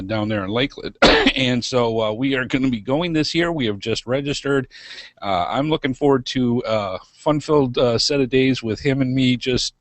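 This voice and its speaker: A man co-hosts a podcast in an easygoing, rambling way, pausing often on fillers. His voice is stuffy and nasal from congestion. The sound is dry and close, with no room echo. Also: medium pitch. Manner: relaxed and rambling, with many fillers. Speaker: podcast co-host. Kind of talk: casual podcast chat.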